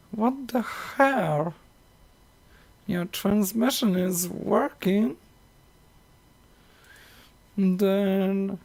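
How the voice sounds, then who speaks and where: A woman talks very slowly on her electronics live stream, with a gravelly edge to her voice. She halts often, restarts her sentences and fills the gaps with "uh". A tickly cough hangs over her voice. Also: medium pitch, darkish tone. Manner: halting, many fillers and restarts, frequent laughs. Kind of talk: casual live-stream chat.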